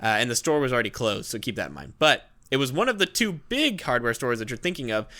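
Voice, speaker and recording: Bright-voiced young man telling a story. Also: mid-range voice, quick pace. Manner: animated storytelling, bursts of laughter. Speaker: podcast co-host. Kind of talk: casual chat.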